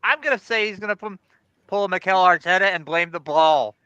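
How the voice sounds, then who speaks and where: A podcast panelist making sarcastic football picks in a mock monotone. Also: mid-range voice, fairly quick, smooth, dry recording, highs cut off. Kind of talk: casual sports talk.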